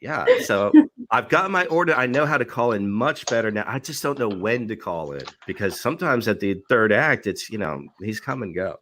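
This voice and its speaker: Podcast co-host, male, casual and laughing, lively intonation. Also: on the low side, moderate pace, a little hiss or hum. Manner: laughing, imitates callers and hosts. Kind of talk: casual chat.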